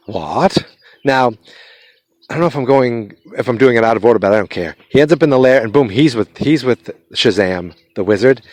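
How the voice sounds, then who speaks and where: A man of middle pitch talks through a film's story in a relaxed, meandering way. He stops, restarts and fills gaps with ums as he goes. The sound is dry, with no room around him. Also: no echo. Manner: rambling, loose retelling with many fillers and restarts. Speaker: podcast host. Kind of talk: casual movie recap.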